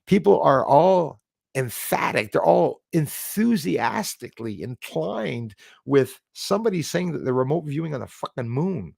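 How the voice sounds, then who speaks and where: A man's voice: a little high, expressive, a little slow, creaky, darkish tone, slightly rough, no echo, clean studio sound. A man hosting a live stream in a casual way. He rambles emphatically, with many fillers, and reads out chat comments.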